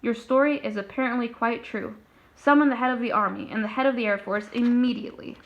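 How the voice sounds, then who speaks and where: A woman reading as a loud, commanding queen. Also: fairly high pitch, fairly even intonation, quick pace, lightly acted. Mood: regal. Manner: loud, firm. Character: commanding regal queen, brisk. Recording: dull lo-fi recording.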